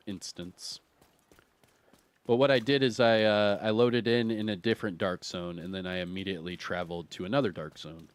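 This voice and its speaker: A man in his thirties streaming a video game, telling a long story in a rambling, animated way with lots of fillers and laughter. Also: lowish voice. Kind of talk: casual storytelling while streaming.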